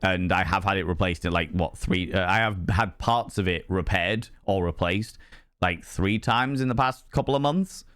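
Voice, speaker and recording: A young man with a British accent rambles to his stream chat, animated and a little sweary. His voice sits on the low side, with faint music playing in the background. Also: moderate pace, smooth, dry recording, clean studio sound. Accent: British English. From United Kingdom. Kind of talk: casual chat with chat while gaming.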